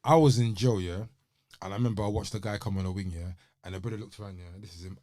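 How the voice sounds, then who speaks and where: A man's voice: on the low side, fast. A man co-hosting a podcast, telling anecdotes in casual chat and acting out the voices of the people in them. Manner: animated storyteller, acts out voices in his anecdotes. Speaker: podcast co-host.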